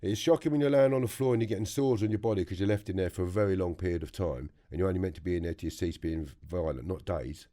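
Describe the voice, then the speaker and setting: A man with a London accent telling his story as a podcast guest, blunt and animated, swearing freely. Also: sits low, quick pace, hardly any pauses. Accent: London English. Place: podcast studio.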